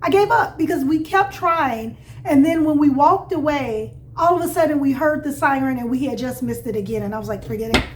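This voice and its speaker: A woman from Chicago co-hosting a travel vlog, telling travel stories in a high-energy, animated way. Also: fairly quick, few pauses. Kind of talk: casual travel chat.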